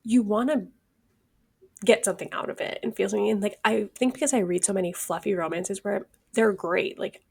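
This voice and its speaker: Animated woman with a gravelly edge. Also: mid-range voice, brisk. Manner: animated, dramatic, acts out her own reactions. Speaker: podcast co-host. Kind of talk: casual chat.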